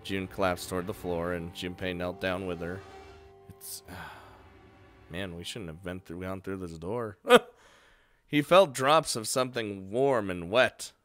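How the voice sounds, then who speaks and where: A man's voice: low voice, unhurried, fairly bright tone, faint music behind. Young man reading a game aloud, joking. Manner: joking, swears, laughs between lines. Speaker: let's play player.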